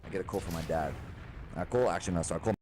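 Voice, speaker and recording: A low-voiced young man talks very fast in an agitated, rambling vent session. He curses frequently, restarts sentences, and leans on fillers, while heavy background noise plays behind him.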